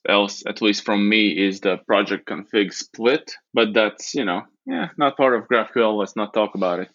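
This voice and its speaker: Soft-spoken man on dull, dry audio. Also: fairly low pitch, no room sound. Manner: measured, slightly hesitant, laughs easily. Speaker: lead engineer, podcast guest. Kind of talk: casual technical podcast chat.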